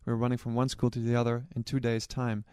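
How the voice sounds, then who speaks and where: Man, mid-pitched, earnest and reflective runner sharing memories, self-correcting restarts, dry close recording. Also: monotone, fast talker, clear, resonant tone, no room sound. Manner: warm, earnest storytelling with frequent restarts. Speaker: charity relay runner and organizer. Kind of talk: personal recollection to camera.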